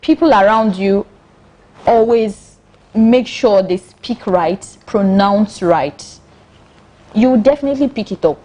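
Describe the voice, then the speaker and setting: A woman's voice: mid-range voice, a little slow, dark tone. A Nigerian woman co-hosting a studio panel discussion, talking emphatically and firmly. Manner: emphatic, opinionated, quotes people in voices. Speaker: co-host.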